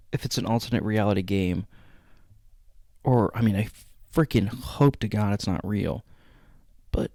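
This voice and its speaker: A man hosting a reaction video at home at night, rambling and halting as he talks, sounding shaken. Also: fairly low pitch, vocal fry, a little mellow, dry recording, clean studio sound. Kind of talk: casual reaction commentary.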